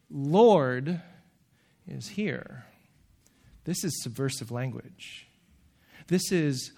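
A man preaching a sermon in an animated way, acting out the voices he quotes. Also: a little high.

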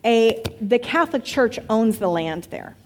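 A woman pastor giving a conversational sermon, chatty and candid, with quick asides and open enthusiasm. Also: on the high side, animated, a little mellow. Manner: enthusiastic when describing places.

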